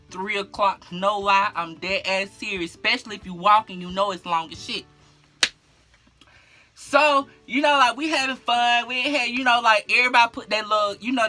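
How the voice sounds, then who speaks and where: A vlogger telling a story casually in an animated, slangy, profane way, full of fillers and asides to the viewer. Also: mid-range voice.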